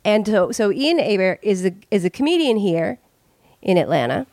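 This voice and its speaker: A woman's voice: mid-range voice, big pitch swings, moderate pace, a little mellow, no echo, studio quality. A woman hosting a podcast in casual chat, rambling with many fillers and restarts and swearing freely. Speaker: podcast host.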